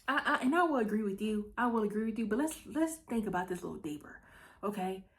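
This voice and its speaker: Woman, vlog host, casual movie recap, chatty asides, mid-pitched voice. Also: expressive. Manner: chatty storyteller, keeps checking in with "okay?"; breezy and playful, with asides and quick self-corrections.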